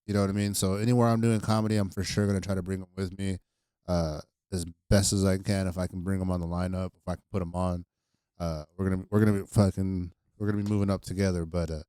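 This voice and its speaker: A young man with a low, smooth voice chats easily on a podcast, spinning comedy-club stories in loose slang. The sound is close and dry. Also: flat delivery, fast talker, mellow, dry recording. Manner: laid-back storytelling with frequent slang. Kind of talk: casual podcast chat.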